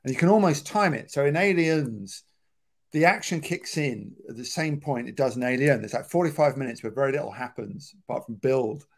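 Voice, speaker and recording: Gravelly man analysing film structure. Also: medium pitch, a little fast. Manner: thoughtful, explanatory. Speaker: film writer.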